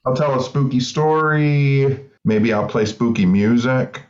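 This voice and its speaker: A man's voice: medium pitch, measured pace. Playful man podcast co-host, dull audio. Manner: dry, playful, sings silly songs. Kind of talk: casual chat with sung verses.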